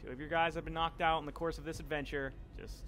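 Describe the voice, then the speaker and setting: A young man giving casual, sweary commentary on a video game he is playing, turning excitable and yelling whenever things go wrong. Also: a little high, fast talker, slight background noise. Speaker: let's play commentator.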